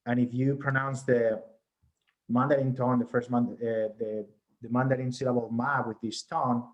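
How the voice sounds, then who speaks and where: A man delivers an academic research lecture over a video call, with a voice of ordinary middle pitch. He explains patiently, step by step, and keeps checking that the audience is following. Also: little pitch movement, moderate pace, dull audio. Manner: explanatory, often checks in with "right?". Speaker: research presenter.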